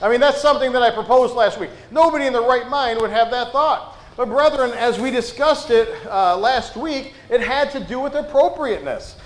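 High-voiced preacher in an echoey church. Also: male voice, normal speed. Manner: folksy, frequent "uh" and "right?" asides. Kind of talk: conversational sermon. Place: church sanctuary. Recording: roomy church echo.

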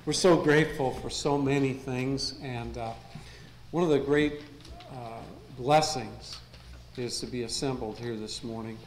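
A man's voice: mid-range voice, fairly even intonation, unhurried, slight background noise. A man preaching a sermon in a folksy way, mixing jokes into his message to the congregation. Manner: folksy, jokes and laughs between points. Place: church sanctuary. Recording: echoey room, faint ambience.

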